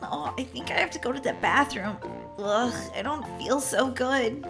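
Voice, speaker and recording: Brief: woman voicing a queasy young wife, high bright voice, groaning and weak. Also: expressive, quick pace, vocal fry, faint music behind, heavily acted.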